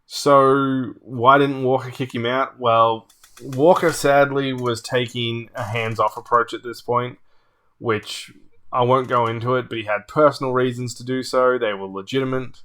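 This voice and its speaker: Man, casual storytelling, animated, laughing asides, mid-pitched. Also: a little slow. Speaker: tabletop channel host.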